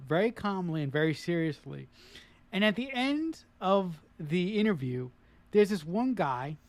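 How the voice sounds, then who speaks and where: A man's voice: high voice, no echo. A man co-hosting a casual film discussion, retelling the plot loosely with many fillers and restarts.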